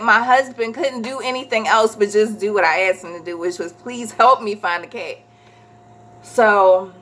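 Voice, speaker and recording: Chatty woman telling a storytime. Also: mid-range voice. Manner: chatty, animated retelling with voiced quotes. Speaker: vlogger. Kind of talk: casual storytime chat.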